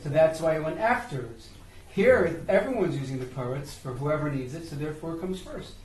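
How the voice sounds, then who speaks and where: A man's voice: a little high, lively intonation, a little fast, a little mellow, recorded from a distance. A man in a Torah class, arguing his point with the teacher. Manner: argumentative, pressing his point. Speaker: student in the class. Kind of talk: debating in class. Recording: roomy echo.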